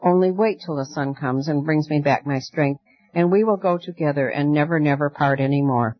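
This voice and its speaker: A timid young man pleads earnestly and fearfully, read by a man in a fairly high voice. He fears the dark, and the telling feels like a storybook. The sound is dull and muffled, with no room echo. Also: moderate pace, lightly acted. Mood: pleading. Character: frightened young man, afraid of darkness. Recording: dull lo-fi dry recording.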